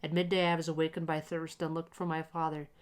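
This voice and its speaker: A woman narrating a classic short story aloud in a calm, measured, expressive reading for relaxation. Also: deep voice.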